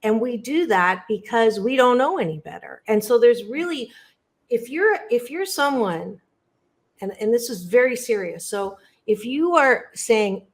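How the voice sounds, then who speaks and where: A woman's voice: fairly high pitch, animated, a little slow. A woman guest on an interview podcast, talking as a psychologist in an emphatic, motivational way, often repeating phrases and speaking straight to the listener.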